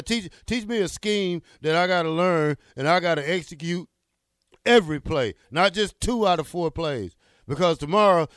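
A man's voice: on the high side, no room sound, studio quality. A man ranting bluntly as a sports talk co-host, repeating himself as he gets fired up. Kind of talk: heated fan rant.

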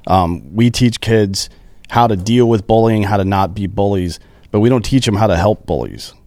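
Man, low voice, earnest explainer, podcast guest, dry close sound. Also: moderate pace, a little mellow, no echo. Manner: earnest, explanatory, makes a case. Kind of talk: casual podcast chat.

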